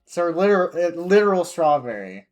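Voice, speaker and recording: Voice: medium pitch, big pitch swings, normal speed, darkish tone, slight background noise. A streamer reading a visual novel aloud, reacting in between and slipping into character voices.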